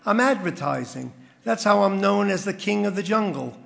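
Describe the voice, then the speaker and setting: A man's voice: high voice, animated, moderate pace, creaky, a bit bright, voice pushed up, heavily acted. A man voicing a proud male lion in a spoken parable at a dinner, in a large echoing hall. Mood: sly.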